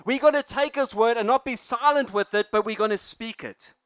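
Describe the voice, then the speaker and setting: A young man preaching with lively energy, joking with the room and then driving his points home loudly. His voice sits high for a man and rings clear and smooth. It is miked close, with a dry sound. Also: a little fast, dry recording. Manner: energetic, jokey, rising to loud emphasis. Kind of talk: sermon.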